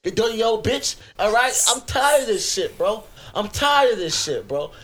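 A young man with a Virginia accent and a high-pitched voice co-hosts a crude comedy podcast. He tells his stories in a loud, profane, animated rant, breaking into sudden angry outbursts. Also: moderate pace. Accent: US Southern, Virginia. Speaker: podcast co-host.

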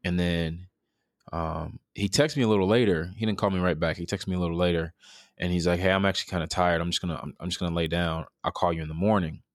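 This is candid, conversational storytelling from a man in his thirties recounting something personal in an interview, thoughtful and sincere, with fillers and false starts. He speaks low-pitched with fairly even intonation at a quick pace, in clean studio sound without room noise.

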